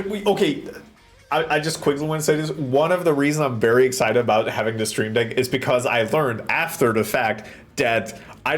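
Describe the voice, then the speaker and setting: A man streaming live from a home setup, chatting casually and rambling with jokes and bursts of swearing while he codes. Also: medium pitch. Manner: rambling and jokey, with sudden swearing outbursts. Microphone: desk microphone close in front.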